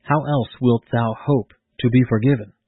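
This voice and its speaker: A man's voice: medium pitch, fairly even intonation, moderate pace, slightly rough, no room sound, close to an everyday voice. A man reading as a grave old chaplain. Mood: solemn. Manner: grave, preaching, solemn. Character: kindly old male prison chaplain, calm. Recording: tinny phone-like lo-fi sound.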